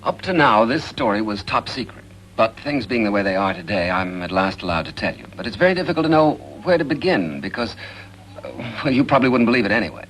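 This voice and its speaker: An actor playing an exasperated American newlywed who runs a farm, speaking with a polished, theatrical delivery. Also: male voice, on the low side, very animated, fast, a bit bright, a little hiss or hum, rough recording. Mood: confiding. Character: exasperated American newlywed farmer, talking to camera. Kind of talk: 1950s film comedy acting. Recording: old 1950s film soundtrack.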